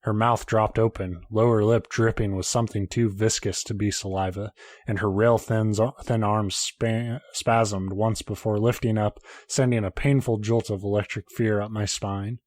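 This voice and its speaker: A man's voice: lowish voice, little pitch movement, normal speed, a little mellow, dry recording. A man, a podcast host, reading a horror story aloud in a casual way, now and then breaking off to joke and swear.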